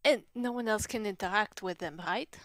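A woman playing a tabletop role-playing game, joking and asking quick questions. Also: medium pitch, fairly bright tone, no echo. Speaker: player. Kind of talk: casual tabletop role-play.

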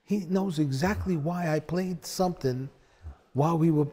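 A man, a bassist, telling stories in a sit-down conversation, acting out quotes with big swings in his voice. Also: moderate pace. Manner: animated storyteller, acts out quotes with big pitch swings.

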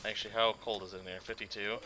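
A man casually commenting on his own gameplay, muttering quietly to himself and sometimes bursting out loud. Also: lowish voice, rapid-fire, background noise. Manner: muttering to himself, then loud excited outbursts. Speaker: gaming channel host. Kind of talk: casual let's-play commentary.

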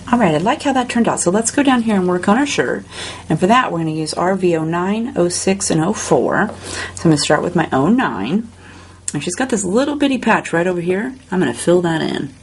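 A woman hosting a step-by-step coloring tutorial, talking in a relaxed, chatty way while she works. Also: lowish voice, fairly quick, slightly rough. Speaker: crafting tutorial host.

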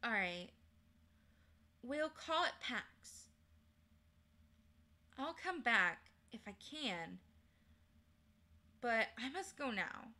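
A woman voicing a proper, sharp-tongued young English girl in a storybook reading, talking sarcastically and indignantly. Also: fairly high pitch, big pitch swings, drawn-out words, pauses often, full character voice. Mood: placid.

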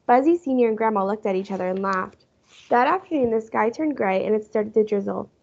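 Teacher lady reading a chapter book, husky voice, lo-fi sound. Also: medium pitch, brisk. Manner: lively storytelling. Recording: muffled lo-fi recording.

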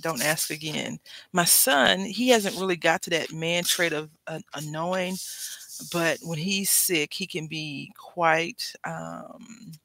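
Gravelly, bright-voiced chatty woman crafter. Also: on the low side, slow pace, no echo, low-quality recording. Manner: chatty, rambling, wry complaining with laughs. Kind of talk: casual chat while crafting.

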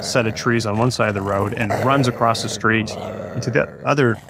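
A man in his forties, guesting on a podcast, tells a story casually in a brisk, mid-range voice with background noise behind him. He rambles with plenty of fillers and restarts but grows lively when retelling events.

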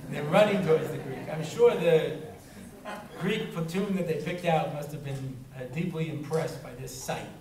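A man delivers a funny Torah talk in a synagogue hall, spinning stories, breaking into character voices and laughing along the way. His voice is a little high and a little mellow, and he speaks at normal speed. The mic is far off in a roomy space, picking up faint noise.

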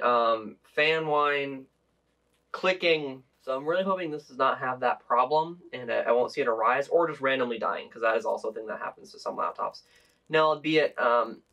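A man's voice: mid-range voice, bright, forceful tone. A young man chatting casually as he unboxes and sets up a laptop, thinking aloud with plenty of fillers. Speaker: tech vlogger.

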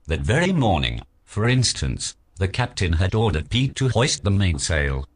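A man reading a children's picture book aloud as narrator, in an expressive storybook manner. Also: sits low, moderate pace.

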